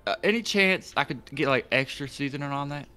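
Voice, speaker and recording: Man, halting in-character player, lively pitch. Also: soft background music. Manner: halting, full of fillers, laughs often. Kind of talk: in-character tabletop role-play.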